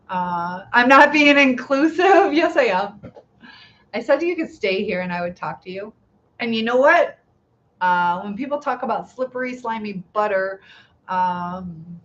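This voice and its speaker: A woman's voice: medium pitch, highs cut off, a little hiss or hum. A middle-aged woman hosting a casual live stream, chatting, laughing often and reading viewer comments aloud.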